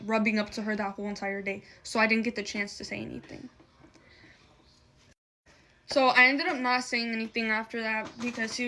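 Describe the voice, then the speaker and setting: A faint hiss or hum sits under a young adult woman's fairly high, somewhat bright voice. She's applying makeup while telling a personal story, emotional and casual, full of swearing and the filler "like."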